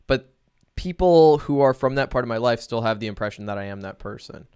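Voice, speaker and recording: A man's voice: medium pitch, expressive, brisk, darkish tone, smooth, no room sound, clean studio sound. A young man co-hosting a podcast, talking casually in a loose, playful way that breaks into laughs easily. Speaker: podcast co-host. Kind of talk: casual chat.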